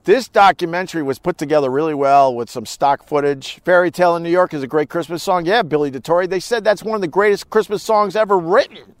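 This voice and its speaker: A man's voice: on the high side, fast talker, dry recording. A middle-aged man hosting a podcast, rambling through a casual live-stream monologue with wry, profane storytelling. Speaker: podcast host. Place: cold room, dry sound.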